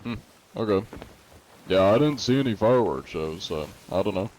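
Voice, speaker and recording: A man's voice: fairly low pitch, expressive, normal speed, darkish tone, a little hiss or hum, rough recording. A young adult man streaming a game, chatting casually and answering viewers' questions in a laid-back, rambling way. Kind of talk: casual live-stream chat, reading chat questions.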